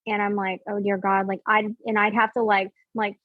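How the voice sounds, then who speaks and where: A woman in her forties shares her own story in a loose, animated way, slipping in "like" again and again and acting out the voices of the people around her. Her voice sits at an ordinary middle pitch. The sound is dry and close, with no room around it. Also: normal speed, no room sound, narrow, tinny audio. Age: 40s. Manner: animated, acts out quoted dialogue, many "like" fillers. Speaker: podcast guest. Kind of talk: casual personal storytelling.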